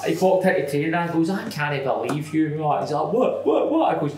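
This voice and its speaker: A man's voice: a little high, expressive, moderate pace. A man hosting a podcast, swearing and laughing through casual banter. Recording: echoey room with crowd noise.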